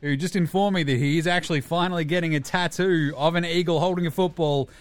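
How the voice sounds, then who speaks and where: A man's voice: fairly high pitch, fairly even intonation, no echo. A man with an Australian accent hosting a sports podcast in a jokey, chatty way. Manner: jokey, fast and chatty with fillers. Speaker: podcast host. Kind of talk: casual sports podcast chat.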